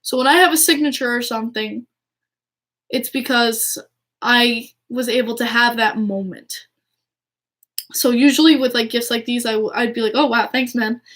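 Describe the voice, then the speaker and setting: A young woman chatting casually to her viewers, excitable and gushing, often restarting her sentences. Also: fairly high pitch, normal speed, pauses often. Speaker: hockey fan vlogger. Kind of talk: casual chat to camera.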